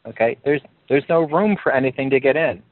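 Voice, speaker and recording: A man leading a group coaching call, talking in a calm, encouraging way and lifting his pitch to stress a point. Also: a little fast. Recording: narrow phone-like line.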